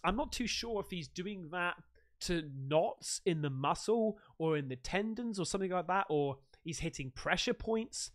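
An excitable Englishman hosts a video, offering casual reaction commentary in a high-pitched voice. He swears and exclaims loudly throughout.

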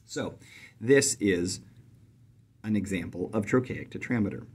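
Deep gravelly guy teaching poetry meter, husky, measured and emphatic on the beats. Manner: measured, emphatic on stressed syllables, drops to soft low voice when reciting. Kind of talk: explanatory lesson with poem recitation.

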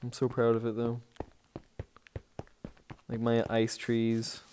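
A man giving casual, rambling commentary on a tour of his game village, easily excited and breaking into sudden outbursts. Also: medium pitch, slow, a little hiss or hum.

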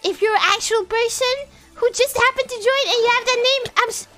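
Very high-pitched, shrieking European woman streamer. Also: brisk, faint music behind. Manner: excitable, frequent startled shrieks. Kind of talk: live game-stream commentary.

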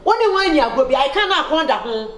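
Woman doing a high-pitched scolding mom, all over the place, echoey room. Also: fast. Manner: scolding, animated, laughing between words. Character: scolding mother, loud and sharp. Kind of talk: comedy sketch acting.

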